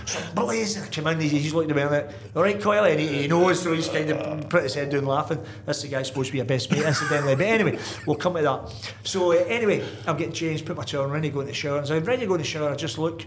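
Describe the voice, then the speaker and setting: A middle-aged man, a guest telling lively stories in casual chat, full of asides and restarts. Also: on the high side, racing, few pauses, background noise. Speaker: guest, football manager. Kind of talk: casual anecdotal storytelling.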